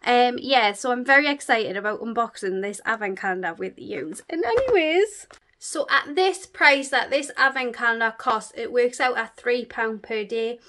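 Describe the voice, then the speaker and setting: Woman, beauty vlogger, casual unboxing chat, gushing, lots of fillers, slightly high-pitched. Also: lively intonation, normal speed, pushed and bright. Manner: chatty and gushing, with many fillers.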